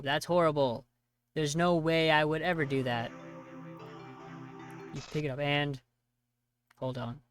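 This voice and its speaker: Reading a text horror game aloud, this gamer has a medium-pitched, fairly bright and resonant voice that comes through clearly. Sarcastic asides punctuate the skimming, marked by "blah, blah," and each set of choices draws mock outrage.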